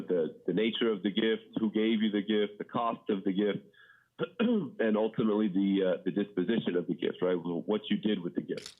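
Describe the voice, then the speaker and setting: A middle-aged man briefing a public board meeting as plan consultant, measured, with many fillers and restarts. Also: low voice. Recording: dull municipal meeting audio.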